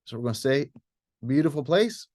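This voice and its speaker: A man's voice: mid-range voice, fairly quick. A man giving an informal, conversational presentation to a church group about a planned trip, leading it as clergy. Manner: relaxed, conversational with many restarts. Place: church hall.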